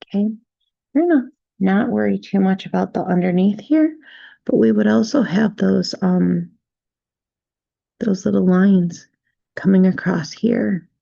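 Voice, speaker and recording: A woman teaching a step-by-step drawing tutorial, gently talking through each stroke and checking in with "right?" as she goes. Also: medium pitch, unhurried, gravelly, long pauses, no echo, muffled recording. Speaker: drawing instructor.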